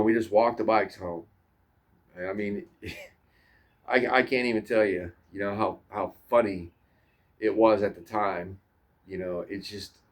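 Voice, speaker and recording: A man casually telling childhood stories in a rambling, profane way, often repeating and restarting his words. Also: fairly low pitch. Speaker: storyteller. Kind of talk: casual storytelling to camera.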